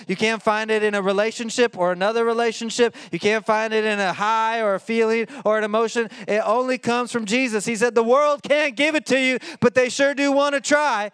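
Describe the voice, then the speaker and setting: A middle-aged man preaching a sermon as a pastor, animated, swinging from soft and low to loud and high. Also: clear, resonant tone, dry recording, clean studio sound. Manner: animated, rises to near-shouting when quoting.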